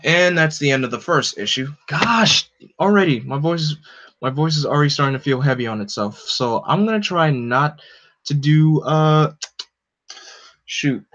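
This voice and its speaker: A man's voice: on the high side, lively intonation, moderate pace, fairly bright tone. A man casually reading a comic aloud live, chatting with asides between scenes, on a slightly dull recording. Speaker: live reader.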